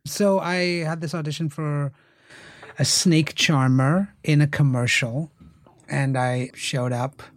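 A middle-aged man telling lively stories as a podcast guest, acting out the voices of people he quotes. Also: on the high side, slow pace, no echo. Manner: animated storyteller, acts out quoted voices. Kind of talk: casual storytelling interview.

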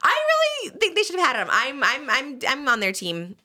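Giggly woman podcaster, rambly and gushy, super animated, kinda sharp bright voice. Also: high voice, fairly quick. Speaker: podcast host. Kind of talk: casual chat.

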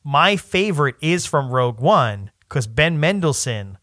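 A man co-hosting a podcast in casual chat, rambling and restarting his sentences, often breaking into animated quoted asides. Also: fairly high pitch, measured pace, dry recording, clean studio sound. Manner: rambling, self-interrupting, animated quoting. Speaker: podcast co-host.

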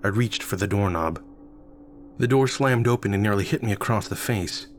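A man's voice: fairly low pitch, normal speed, slight background noise. A man narrating a first-person story in a casual, wry way.

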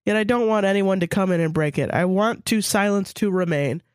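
A woman's voice: medium pitch, fairly quick, no room sound. Dry-voiced woman reading a story aloud. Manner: casual, crude asides mid-reading. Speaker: podcast co-host.

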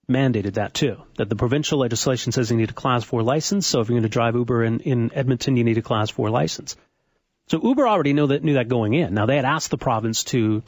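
A man co-hosting a radio talk show, explaining a local issue in a measured way from a studio. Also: mid-range voice, darkish tone, dry recording.

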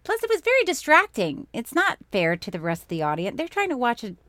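A woman co-hosting a podcast in casual chat, an animated storyteller who breaks into loud laughter. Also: a little high, fairly quick, no echo, studio quality. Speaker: podcast co-host.

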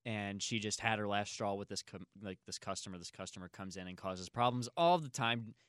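A man hosting a casual podcast tells a long, wandering story stuffed with filler words, his bright, forceful voice sitting lowish and moving a little fast, broken by sudden loud laughs. The tone is clean, and the recording is dry and close-miked with no room sound.

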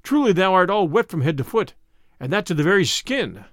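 A man's voice: sits high, very animated, fairly quick, no echo, clean studio sound. A man voicing an eager, brash outlaw follower who speaks urgently in a storybook reading. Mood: concerned.

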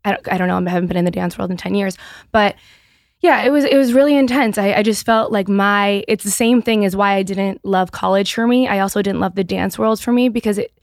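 A woman's voice: mid-range voice, a little fast, no echo, clean studio sound. A woman in her thirties who talks openly in a casual podcast interview, often restarting her sentences. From Boston area. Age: 30s. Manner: candid and animated, with frequent restarts and "like". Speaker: guest, business founder.

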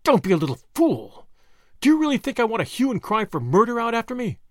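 A man voicing a cold, menacing older woman villain who speaks in a sharp, imperious, scornful way. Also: very high-pitched, wildly swooping pitch, quick pace, no room sound, studio quality, voice pushed up, heavily acted.

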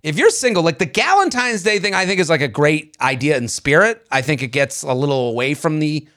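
A man co-hosting a chatty podcast, talking in rambling, halting bursts with frequent restarts and laughs. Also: on the high side, expressive, sharp tone. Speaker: podcast co-host, comedian. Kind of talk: casual chat.

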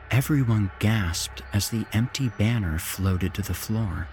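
A man hosting a horror podcast, reading a story in an expressive, unhurried narration. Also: fairly low pitch, soft background music.

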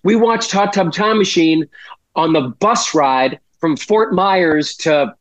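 A man's voice: sits high, takes it slowly, dry recording, pitched above the performer's own voice, poor audio. A man doing an impression of a friendly, easygoing male baseball manager. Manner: friendly and grateful.

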